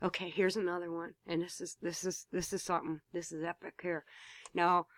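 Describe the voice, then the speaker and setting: A woman's voice: on the low side, level tone, brisk, no echo. A woman talking casually to camera at home, telling a story bluntly, swearing freely and repeating herself when she gets worked up. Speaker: vlogger.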